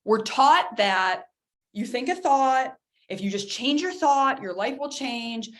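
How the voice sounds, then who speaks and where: A woman wellness coach giving an energetic, emphatic workshop talk, speaking directly to her audience and calling them guys. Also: on the high side, slow pace.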